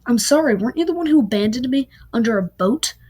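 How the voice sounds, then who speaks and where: A woman reading a novel aloud, voicing a hurt, angry young man with sharp, accusing lines. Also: very high voice, expressive, quick pace, slight background noise, voice pushed up.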